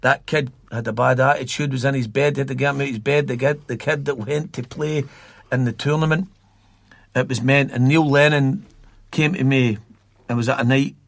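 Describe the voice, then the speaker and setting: A Scottish man from a youth football academy is a guest on a podcast, telling stories and rambling, repeating words as he remembers. His medium-pitched voice stays fairly even in intonation at a moderate pace, with no echo.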